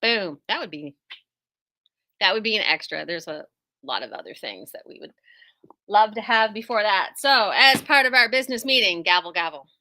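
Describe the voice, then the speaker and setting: A woman's voice: mid-range voice, moderate pace. A middle-aged woman who owns a quilt shop, chatting casually to viewers, wandering into tangents and poking fun at herself. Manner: chatty, tangent-prone, self-deprecating, lively asides. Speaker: quilt shop owner and host.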